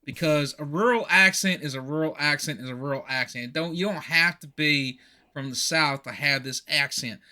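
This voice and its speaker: A man co-hosting a podcast, recapping a movie in animated, rambling casual chat with frequent laughs. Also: a little high, normal speed. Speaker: podcast co-host.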